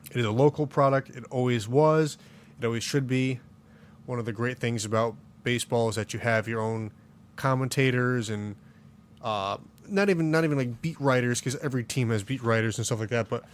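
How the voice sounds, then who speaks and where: Rambling, opinionated male podcast host. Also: mid-range voice. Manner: opinionated, rambling with many fillers. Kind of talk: casual chat.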